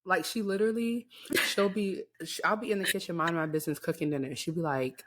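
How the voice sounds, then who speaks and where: A woman's voice: fairly low pitch, fast, a bit bright. A young woman co-hosting a casual podcast, blunt and joking as she tells stories about her daughter. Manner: blunt, joking, lists points. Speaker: podcast co-host. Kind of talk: casual chat.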